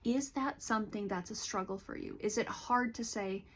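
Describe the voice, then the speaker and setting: A woman counselor giving a calm, earnest educational talk to camera, explaining things gently. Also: on the high side, normal speed, few pauses, a little hiss or hum. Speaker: licensed counselor.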